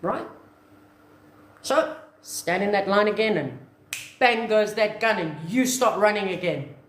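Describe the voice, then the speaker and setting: Woman coach, motivational talk, very expressive delivery, echoey room. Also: mid-range voice, measured pace, slight background noise. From South Africa. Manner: animated, acts out little scenes. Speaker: online business coach.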